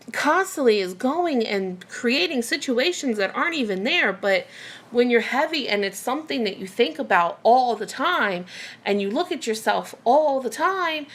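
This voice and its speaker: A woman's voice: medium pitch, animated, moderate pace, a bit bright. A woman vlogger in a candid personal rant to camera, venting emotionally with many fillers and restarts.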